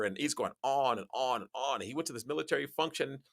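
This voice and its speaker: A man guest on a podcast, telling stories in casual conversation, animated and laughing as he talks, often restarting his sentences. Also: fast talker, few pauses. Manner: animated storyteller, jumps high in pitch on quoted lines; frequent restarts and laughs while talking.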